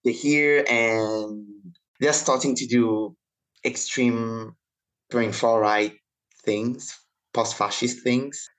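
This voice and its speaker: Italian-accented man, measured guest. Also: mid-range voice, steady tone, a bit bright, low-quality recording. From Italy. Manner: measured, drawn-out phrasing with hesitant fillers. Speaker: guest writer and activist. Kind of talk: podcast interview.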